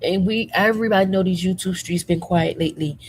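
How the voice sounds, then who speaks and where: A woman hosting a casual commentary show from her room at home, sassy and animated with lots of slang, a little under the weather. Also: on the low side, brisk, slight background noise, rough recording. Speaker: commentary channel host.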